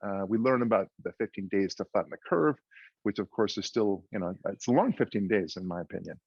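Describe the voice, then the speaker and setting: A man's voice: lowish voice, lively intonation, brisk, creaky, slightly rough, no echo. A man giving a speech, telling a joke in a conversational, storytelling way. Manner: conversational storyteller, frequent restarts. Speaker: guest speaker. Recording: dull muffled dry audio.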